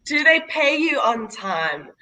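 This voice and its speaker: A woman's voice: sits high, sing-song, slow pace, pushed and bright, poor audio. A South African woman hosting a casual video-call chat, chatty and laughing often. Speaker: host.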